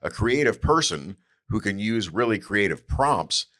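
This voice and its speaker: A man's voice: lowish voice, big pitch swings, measured pace, fairly bright tone. A man co-hosting a podcast, chatting casually and explaining things in a musing, thoughtful way. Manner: explanatory, musing, says "I mean" and "you know". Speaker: podcast co-host. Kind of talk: casual chat.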